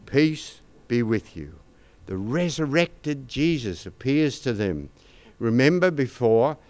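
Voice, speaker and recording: Older Australian man preaching, smooth voice. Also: mid-range voice, a little mellow. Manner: conversational, anecdotal preaching with asides to the congregation. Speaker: pastor. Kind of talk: sermon.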